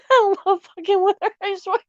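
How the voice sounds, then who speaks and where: A woman's voice: very high-pitched, dry recording. A woman vlogging casually at home, breaking into belly laughs between phrases and swearing freely. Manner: swears freely and says "Lord have mercy" often. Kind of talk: casual live chat to viewers. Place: at home, near her mother's room. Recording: dull lo-fi audio.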